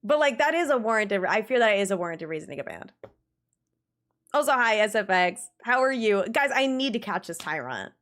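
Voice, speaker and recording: A young adult woman streaming a game and chatting casually with her viewers, animated and quick to laugh, swearing freely. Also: mid-range voice. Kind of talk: casual live-stream chat.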